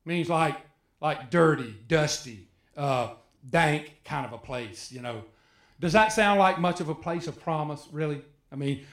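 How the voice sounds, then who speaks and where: High-voiced man preaching in an echoey room. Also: a little slow. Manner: animated, acts out biblical voices with rising pitch. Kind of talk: sermon.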